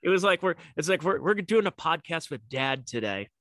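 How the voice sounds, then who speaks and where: A man with a bright, fairly high voice trades stories on a comedy podcast and laughs a lot. His tone is tense and crisp. The mic is close and dry. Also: very animated, moderate pace, no room sound. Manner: laughs often, chatty anecdotes. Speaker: podcast co-host. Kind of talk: casual comedy podcast chat.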